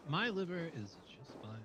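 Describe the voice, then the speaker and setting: An American man telling stories in animated casual chat, getting defensive when teased. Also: on the high side, slow pace, breathy edge. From United States.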